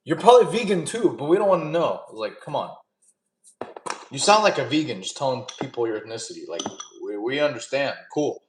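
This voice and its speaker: Man in his 30s, live stream host, casual coaching tone, lively up-and-down delivery, roomy echo. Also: medium pitch, a little fast, slight background noise. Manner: casual, coaching, reads chat questions aloud. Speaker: fitness streamer. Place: camp fire stream setting.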